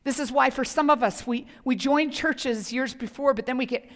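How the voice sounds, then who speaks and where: A woman pastor preaching a sermon with passion, dropping to whispers and rising to loud emphasis. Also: high-pitched, normal speed. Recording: hall reverb.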